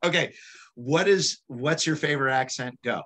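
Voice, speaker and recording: Bright-voiced excitable man. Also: medium pitch, moderate pace. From United States. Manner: excitable, enthusiastic reactions. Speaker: magician interviewing the host. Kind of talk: casual interview chat.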